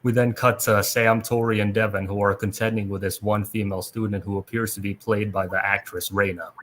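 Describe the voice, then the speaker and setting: A man hosting a podcast, reading a plot recap aloud in a steady way with small restarts. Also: lowish voice, brisk. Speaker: podcast host.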